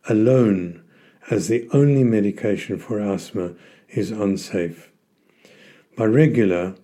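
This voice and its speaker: A man hosting a health podcast, explaining in a calm, measured way and stressing key words. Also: lowish voice. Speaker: podcast host.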